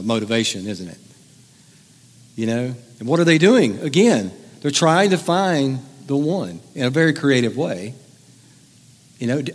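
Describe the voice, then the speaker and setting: Middle-aged male pastor, playful conversational sermon delivery, mid-pitched voice, reverberant hall sound. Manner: joking, conversational, teasing the audience. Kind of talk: humorous sermon to a congregation. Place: church hall with audience.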